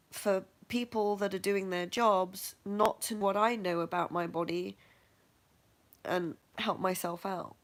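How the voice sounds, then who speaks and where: A middle-aged woman candidly telling her own medical story, frank and matter-of-fact, often laughing at herself. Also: mid-range voice. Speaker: vlogger sharing her health journey.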